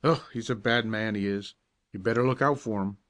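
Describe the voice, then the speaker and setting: A man voicing a big, uncouth teenage boy who gives slow, low, earnest warnings. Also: fairly bright tone, natural voice.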